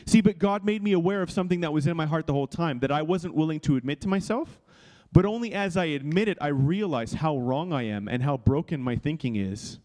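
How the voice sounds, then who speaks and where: A man's voice: fairly high pitch, animated, brisk, hardly any pauses, a little mellow. Earnest man preaching with a story. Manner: earnest, confessional, with many restarts and checks like "okay?". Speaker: pastor. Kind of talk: sermon-style teaching with personal story.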